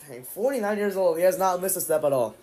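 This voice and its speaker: A man streaming live, casually calling the action play-by-play, with sudden excited outbursts. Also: sits high, fast. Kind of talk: live watch-along commentary.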